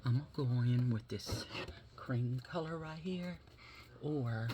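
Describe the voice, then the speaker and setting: Slow, rambling man chatting through makeup. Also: mid-range voice, lo-fi sound, background noise. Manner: rambling, chatty, swears casually, drops into whispered asides. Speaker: makeup vlogger. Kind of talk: casual chat while doing makeup.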